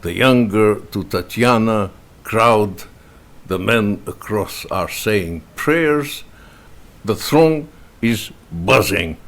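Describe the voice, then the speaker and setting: A man whose first language is Russian, reading a novel in verse aloud in a slow, measured way with pauses between phrases. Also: on the low side, a bit bright. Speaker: reader and translator.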